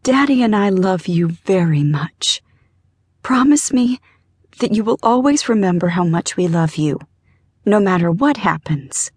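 A woman voicing a frightened, loving young mother in an audiobook, speaking softly and through tears. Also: medium pitch, animated, unhurried, slightly rough, no room sound, clean studio sound. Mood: tender. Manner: soft, tearful, whispering. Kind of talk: audiobook character voice.

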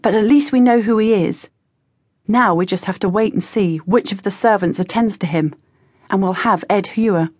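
A woman voices a cautious, level-headed fifteen-year-old girl, staying close to an everyday voice. She speaks mid-range at a moderate pace, with clean studio sound and no echo.

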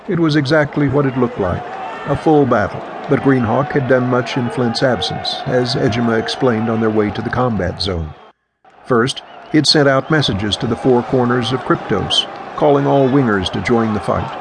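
Gravelly male audiobook narrator. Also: mid-range voice, moderate pace. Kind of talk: scripted narration.

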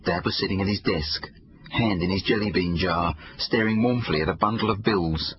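A man reading his own children's book aloud, expressive storytelling. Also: low voice, moderate pace, dull audio, slight background noise. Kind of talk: audiobook narration for children.

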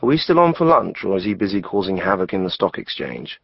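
A male narrator playing a sharp young financier who speaks quickly and sardonically. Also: low-pitched, big pitch swings, breathy edge, no echo, lo-fi sound, heavily acted. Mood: breezy.

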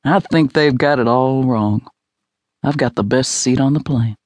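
Male reader as cocky romantic lead, mid-pitched, dry intimate read. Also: measured pace, a little mellow, dry recording, close to an everyday voice. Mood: flirting. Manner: low, teasing and assured. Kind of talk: audiobook romance dialogue.

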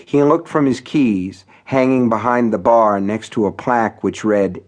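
A man's voice: medium pitch, unhurried, few pauses, darkish tone. A man reading his own novel as an audiobook, narrating in a wry, conversational storytelling manner.

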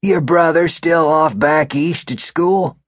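A man voicing an indignant, suspicious old male shopkeeper in an audiobook, with a husky, rattling voice and slow, pointed questions. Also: a little high, no room sound, clean studio sound, voice pushed up. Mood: stiffly polite. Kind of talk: audiobook character voice.

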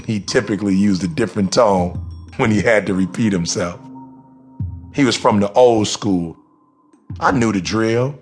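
Man, audiobook memoir, emphatic, animated, conversational, faint music behind. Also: fairly low pitch, unhurried, long pauses. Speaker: author narrating his memoir. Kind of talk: audiobook storytelling.

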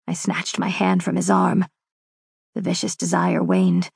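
A woman narrating a first-person fantasy romance audiobook in a dramatic, measured, intense way. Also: fairly low pitch, very animated, gravelly, a little mellow, slightly rough, no echo, studio quality.

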